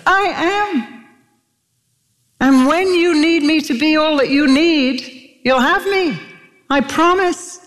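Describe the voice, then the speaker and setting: A woman's voice: high-pitched, slow pace, long pauses, a bit bright, voice pushed up. A woman preacher voicing God as a reassuring promiser, her voice lifted and emphatic in a long hall reverb.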